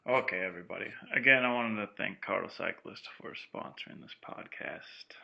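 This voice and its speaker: A man hosting a casual podcast, teasing a caller loudly and joking around. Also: sits low, moderate pace, vocal fry, dull audio, slight background noise. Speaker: podcast host. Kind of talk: casual podcast chat with prank phone calls.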